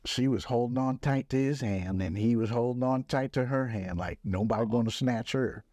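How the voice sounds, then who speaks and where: An older man, a musician, telling stories from his career in a relaxed, laughing way on a podcast. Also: medium pitch, normal speed, dry recording, clean studio sound. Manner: relaxed, laughing storyteller, acts out quoted voices. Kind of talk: casual storytelling chat.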